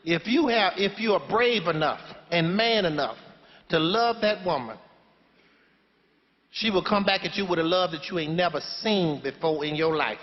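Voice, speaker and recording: A man's voice: sits high, moderate pace, close to an everyday voice. A man playing a sassy, preachy older grandmother in a stage play monologue, handing out blunt, folksy, sermon-like life advice. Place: theater stage before a live audience. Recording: dull live stage recording in a reverberant hall.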